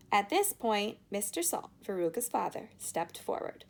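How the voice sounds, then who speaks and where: A woman narrating a children's storybook aloud in an expressive, lively way. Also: mid-range voice, measured pace, gravelly. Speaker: audiobook reader.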